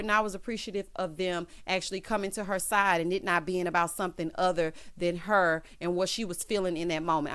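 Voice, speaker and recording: A woman recapping a reality show in casual commentary, sassy and expressive, calling her viewers "honey" and "child" and acting out quotes in a raised voice. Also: mid-range voice. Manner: uses "honey" and "child" often.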